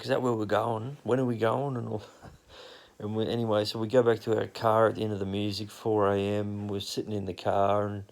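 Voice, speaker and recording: Gravelly Australian man spinning yarns. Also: fairly low pitch, darkish tone. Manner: crude, swearing, laid-back yarn-spinning. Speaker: storyteller. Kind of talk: casual rambling anecdote. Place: outdoors in nature.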